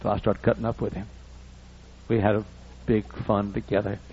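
A man's voice: fairly low pitch, little pitch movement, moderate pace, darkish tone, breathy edge. An older man preaching a folksy storytelling sermon. He acts out the dialogue in raised voices. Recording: muffled lo-fi recording.

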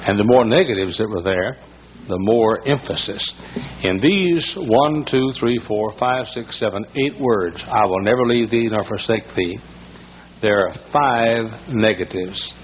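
An older man preaches from the pulpit with a low voice. He tells his story in a folksy, unhurried way and leans on repeated words for emphasis. A faint hiss of background noise sits under the recording in a large church. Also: expressive, rough recording. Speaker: pastor. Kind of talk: sermon.

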